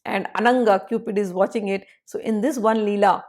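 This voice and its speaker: A woman narrating a devotional story and explaining hymn verses as a spiritual teacher, in an animated, conversational way. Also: mid-range voice, brisk.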